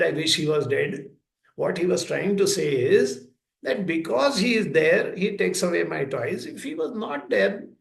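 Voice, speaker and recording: A man giving a talk at a school, speaking slowly and deliberately and acting out short dialogues between a parent and a child. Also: sits high, vocal fry. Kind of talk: lecture with plain everyday examples. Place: school hall. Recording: echoey room.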